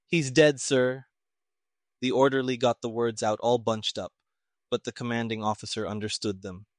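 A man narrating a mystery story in an even, measured reading. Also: on the low side, no echo, studio quality. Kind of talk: audiobook narration of a pulp mystery.

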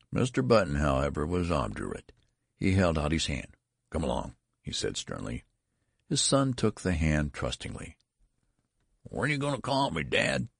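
A man reading a story aloud in a gravelly voice and acting out the dialogue. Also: rumbling low, no echo, studio quality. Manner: acts out the dialogue. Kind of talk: audiobook narration.

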